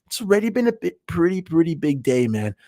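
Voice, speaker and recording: A man's voice: on the high side, big pitch swings, brisk, a little mellow, no room sound, studio quality. A young man hosting a fan livestream, talking football in a hyped, emphatic and rambling way. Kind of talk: excited sports fan livestream talk.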